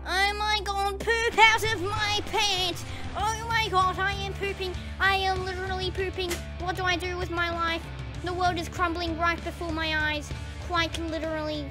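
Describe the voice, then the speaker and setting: A woman giving casual, excitable commentary over her gameplay, often exclaiming and laughing. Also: extremely high pitch, normal speed, music in the background. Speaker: gaming channel host.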